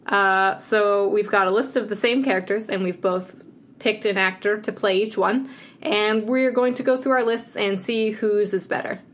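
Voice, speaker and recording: A woman's voice: medium pitch, steady tone, moderate pace. Chatty woman co-hosting a podcast. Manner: playful, chatty, runs the game segment. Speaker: podcast co-host. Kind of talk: casual chat.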